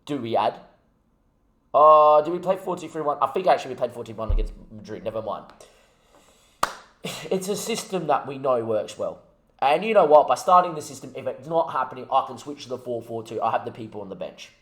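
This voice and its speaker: A man's voice: mid-range voice, animated, fairly quick, roomy sound. A young man ranting about a football management game, swearing heavily as he commentates his gameplay. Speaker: gaming YouTuber.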